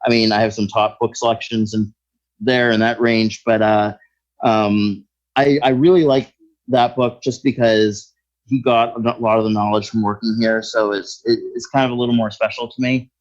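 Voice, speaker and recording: A man's voice: lowish voice, flat delivery, normal speed, dull audio. A man talking as a guest in a casual interview, explaining his work in a thinking-aloud way. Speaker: skip tracer guest.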